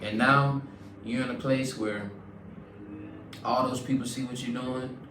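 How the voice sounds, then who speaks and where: A man's voice: medium pitch, fairly even intonation, a little slow. A man hosting a casual faith podcast, earnest and affirming, often repeating key words back. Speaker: podcast host. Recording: roomy sound, mic at a distance, faint noise.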